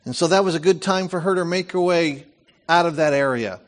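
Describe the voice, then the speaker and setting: Middle-aged man, pastor, sermon, lively storytelling, slightly high voice. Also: brisk. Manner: animated storytelling, reads scripture with lively asides.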